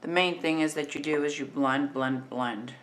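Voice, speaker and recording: A woman in her fifties with a New Jersey accent, talking through a makeup tutorial in a relaxed, chatty way while she works. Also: low voice, normal speed. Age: 50s.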